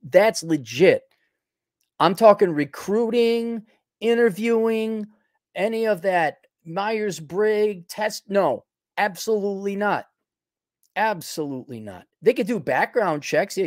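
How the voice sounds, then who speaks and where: A podcast host from Milwaukee, Wisconsin, with an Upper Midwest accent reads viewer donations aloud and answers them bluntly and with strong opinions, sometimes dropping into mock voices. It's casual livestream-style commentary, and his high-sitting, darkish voice moves a little slowly with lively intonation, recorded in echo-free studio quality.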